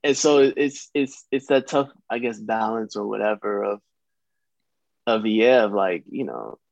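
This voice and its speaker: A man's voice: on the low side, expressive, measured pace, creaky, a little mellow, no room sound, lo-fi sound. A young adult man from the United States, an actor talking casually as a guest, rambling and hesitant, with many restarts. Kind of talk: casual conversation.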